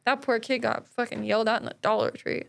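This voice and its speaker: A woman on a casual podcast, rambling through a story and leaning on "like" as she goes. Her voice sits a little high for a woman. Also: steady tone, fast, creaky, a bit bright. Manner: rambling storyteller, many "like" fillers. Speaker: podcast co-host. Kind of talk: casual chat.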